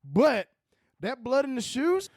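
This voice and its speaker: A man's voice: extremely high pitch, very animated, slow, creaky, a little mellow, no room sound, studio quality, pitched above the performer's own voice, exaggerated voice. A man voicing a crude, boastful Southern redneck with a put-on Southern US accent, drawling and profane. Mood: swaggering.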